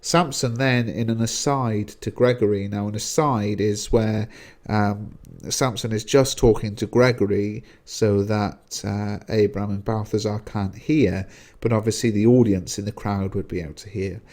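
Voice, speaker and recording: A man's voice: fairly low pitch, fairly even intonation, normal speed, a little mellow. A man teaching a lesson, explaining a text in a chatty way with frequent fillers.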